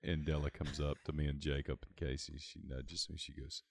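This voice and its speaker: A man's voice: extremely low pitch, brisk, creaky, dry recording, studio quality. A man co-hosting a podcast, telling a funny story in casual banter. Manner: animated storyteller.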